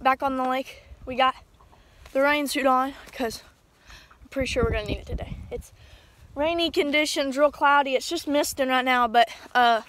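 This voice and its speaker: A man vlogging while fishing from a small boat on a lake, talking casually and getting excited as he hooks fish. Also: very high-pitched, normal speed. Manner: excitable, talks to himself and the fish. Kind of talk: casual outdoor fishing vlog. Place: small boat on a lake, outdoors in wind and rain. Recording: loud wind and rain noise.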